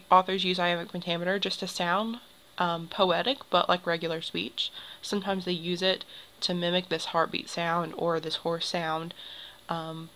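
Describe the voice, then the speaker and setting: Young teacher lady walking thru a lesson slowly, crisp bright voice. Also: lowish voice, slight background noise, rough recording. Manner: explains patiently, draws symbols while talking. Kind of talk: classroom lecture on poetry.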